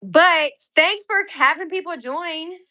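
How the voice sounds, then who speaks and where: A woman's voice: very high voice, takes it slowly, sharp tone, low-quality recording. A woman in her twenties chatting casually on a livestream, answering viewer comments in a blunt, outspoken way and swearing freely.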